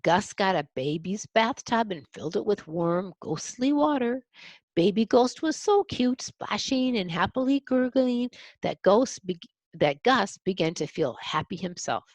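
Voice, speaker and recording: Husky woman reading a picture book. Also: medium pitch, animated, unhurried, no room sound. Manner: explains the pictures to young listeners. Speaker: storybook reader.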